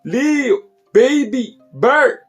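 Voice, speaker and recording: A man's voice: very high voice, expressive, very slow, a bit bright, faint music behind, pitched above the performer's own voice, heavily acted. A man voicing a street-smart little male bear puppet with a swaggering, slangy manner.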